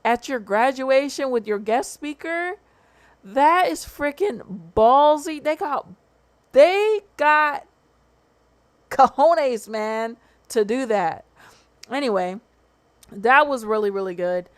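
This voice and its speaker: A woman's voice: high voice, animated, slow, long pauses. A woman hosting a casual livestream, talking in a chatty, slangy way and swearing freely. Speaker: livestream host.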